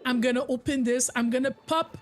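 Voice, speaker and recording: A woman's voice: high voice, fairly even intonation, fairly quick. A young woman streaming a game with casual, giggly commentary, full of incredulous and teasing remarks.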